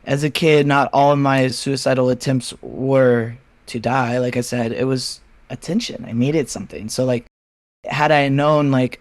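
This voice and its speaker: A candid man in an unhurried podcast chat, mid-range voice recorded close and dry. He talks frankly and swears casually, slipping into animated impressions of his friends as he tells stories. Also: medium pitch, no room sound. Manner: animated storytelling, acting out friends' replies. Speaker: podcast guest. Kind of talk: candid personal conversation.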